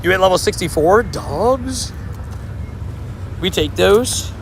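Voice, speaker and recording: High, gravelly chatty male streamer. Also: expressive, normal speed, fairly bright tone, slight background noise. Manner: chatty, rambling, laughs easily. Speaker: live-stream host. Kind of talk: casual live-stream chat.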